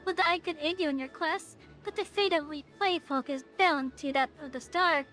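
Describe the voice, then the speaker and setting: A woman's voice: high voice, moderate pace, a bit bright, soft background music. A woman voicing a vain, teasing fairy king, reading game dialogue aloud in a dramatic, sing-song way. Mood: theatrical.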